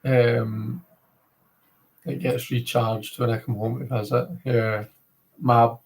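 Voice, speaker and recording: A man's voice: mid-range voice, level tone, takes it slowly, a little mellow, slightly rough, low-quality recording. Chatty Scottish man streaming live. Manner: rambling, chatty, many filler words. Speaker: livestream host. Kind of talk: casual livestream chat.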